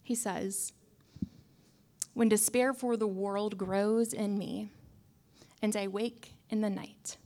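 A young adult woman preaching a conversational sermon in a wry, self-mocking way, often dropping to soft asides. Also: mid-range voice, fairly even intonation, takes it slowly, pauses often.

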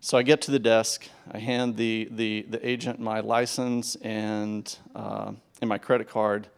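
A man's voice: on the low side, little pitch movement, measured pace, vocal fry, clear, resonant tone. A young man preaching, telling a personal story in a conversational way, with false starts and acted-out dialogue. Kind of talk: sermon storytelling.

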